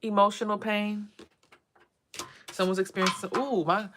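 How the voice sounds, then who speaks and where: A woman's voice: low-pitched, normal speed, background noise. A woman doing a casual, rambling spiritual tarot vlog and talking straight to her viewers. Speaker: tarot reader and spiritual vlogger.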